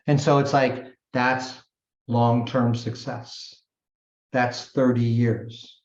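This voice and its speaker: A man's voice: mid-range voice, little pitch movement, slow pace. A man giving a motivational coaching talk to his team, emphatic and repetitive, calling them gang and guys. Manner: emphatic, repetitive, punchy sound words; addresses listeners as gang and guys. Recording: dull echoey room recording.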